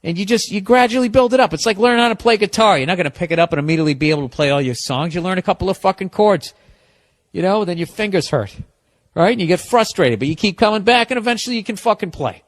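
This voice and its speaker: A man's voice: high-pitched, expressive, quick pace. A man hosting a podcast, giving listeners blunt advice in a profane, sarcastic comedic rant.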